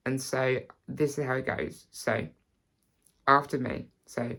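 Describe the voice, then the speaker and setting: British woman tutor, very deep and unhurried, gravelly edge, halting repeats. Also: fairly even intonation. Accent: British, non-RP. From Britain. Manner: halting, repeats words, starts many lines with "so". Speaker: accent teacher. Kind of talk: accent tutorial.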